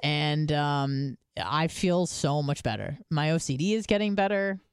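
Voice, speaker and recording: A woman's voice: low voice, unhurried, smooth, no echo, studio quality. A woman co-hosting a podcast, telling stories in casual chat and rambling loosely with lots of filler words. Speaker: podcast co-host.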